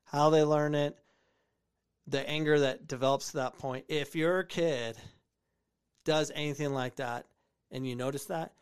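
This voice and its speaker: A man from the United States with a slightly high voice hosts a casual show, talking over soccer clips. He is opinionated and drives his points home by repeating phrases. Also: fairly even intonation, measured pace, pauses often, clear, resonant tone. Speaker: podcast host reviewing soccer clips. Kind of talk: casual commentary on video clips.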